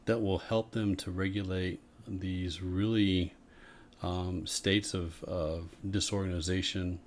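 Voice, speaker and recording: A man co-hosting a podcast, explaining ideas in a measured, casual way. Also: low-pitched, flat delivery, slight background noise. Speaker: podcast co-host. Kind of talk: casual conversation.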